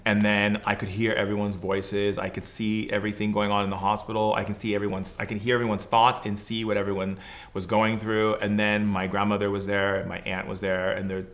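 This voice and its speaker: A man's voice: on the low side, little pitch movement, a little fast, fairly bright tone. A man, a podcast guest who works as a shaman, telling a personal story in casual conversation, loose and earnest, filled with "like" and "you know".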